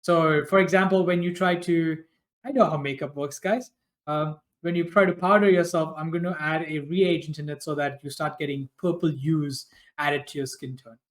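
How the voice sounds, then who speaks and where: A man's voice: on the high side, steady tone, normal speed. A man playing a duet tabletop game as the guardian, teasing and scheming against the other player.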